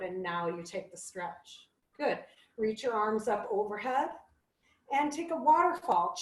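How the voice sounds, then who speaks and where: A woman guiding a yoga class with gentle, playful cues. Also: medium pitch. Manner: gentle, playful cueing with animal sounds. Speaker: yoga instructor. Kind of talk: guided yoga class instruction. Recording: echoey room.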